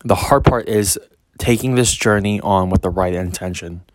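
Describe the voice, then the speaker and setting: A man with a lowish voice delivers a casual spiritual monologue straight to his listeners. He is blunt and emphatic and curses freely. The sound is dry and close, with no room around it. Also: normal speed, dry recording. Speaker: spiritual reader.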